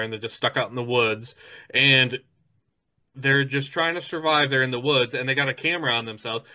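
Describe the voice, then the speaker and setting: A man's voice: mid-range voice, bright, forceful tone. A man telling a story in casual podcast chat, rambling with lots of fillers and restarts.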